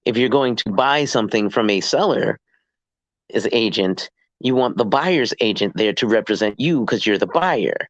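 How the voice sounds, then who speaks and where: A man, a licensed real estate agent, explaining the business in a casual chat and acting out deals in quick asides. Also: lowish voice, dry recording, muffled recording. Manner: animated, acts out dialogue in quick asides.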